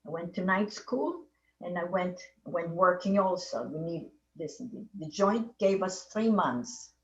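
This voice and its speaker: A woman's voice: on the low side, expressive, a little slow, a little hiss or hum. A woman in her eighties with a foreign accent, telling her life story in a meandering, repetitive way, circling back and restarting her sentences. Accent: foreign accent in English. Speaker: Holocaust survivor interviewee. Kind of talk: oral history storytelling. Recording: dull, echoey, distant audio.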